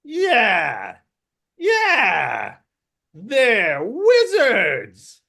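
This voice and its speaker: A man voicing a crowd of small, excitable kobolds, shouting in a squeaky high voice. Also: drawn-out words, gravelly, exaggerated voice. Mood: arguing. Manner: frantic, high-pitched shouting.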